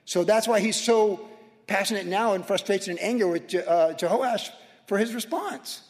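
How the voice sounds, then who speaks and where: Fervent high-voiced male preacher. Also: normal speed. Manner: fervent, emphatic, piling up repeated phrases. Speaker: pastor. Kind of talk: sermon. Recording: long reverb of a big hall.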